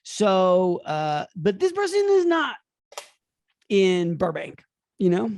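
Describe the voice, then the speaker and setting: Chatty man with a high voice. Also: wildly swooping pitch, slow pace, a little mellow, no echo, clean studio sound. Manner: rambling, laughs often, drops into silly put-on voices. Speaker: podcast co-host. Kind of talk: casual comedic banter.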